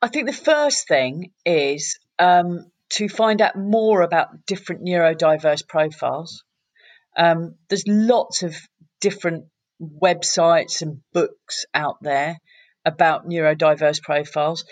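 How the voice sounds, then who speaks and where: Lady coach chatting away, husky voice, dry close sound, does all the voices. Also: lowish voice, takes it slowly, no echo. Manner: animated, acts out quoted voices, frequent restarts. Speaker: coach and guest. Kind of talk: conversational storytelling.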